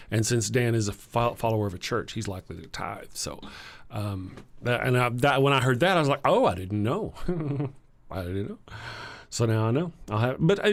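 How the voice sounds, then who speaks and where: A man with a Texan accent chats loosely on a livestream, reading out viewer comments and thinking aloud. His voice sits at an ordinary middle pitch, and he speaks haltingly, with many restarts and chuckles. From Texas. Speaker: livestream host.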